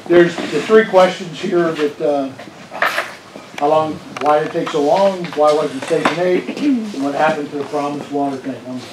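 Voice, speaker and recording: A man's voice: a little high, normal speed. A man resident speaking up at a public meeting, plain-spoken and explanatory. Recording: echoey room from far off, noisy.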